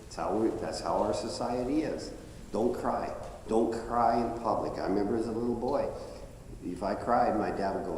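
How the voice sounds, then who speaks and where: Man telling a story in an echoey hall. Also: moderate pace. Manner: animated storyteller, voice jumps high when excited. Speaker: speaker at a live event. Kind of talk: personal storytelling talk. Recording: echoey hall with faint noise.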